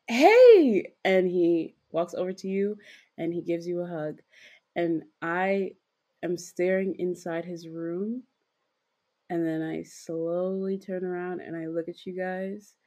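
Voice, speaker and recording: Young female podcast co-host, low warm voice, giggly and rambling, filler-heavy casual storytelling. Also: little pitch movement, slow pace.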